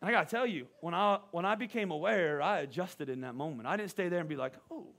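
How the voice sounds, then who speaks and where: A middle-aged male pastor preaching a sermon, telling a funny personal story with lively, self-deprecating humor. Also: high voice, fast talker.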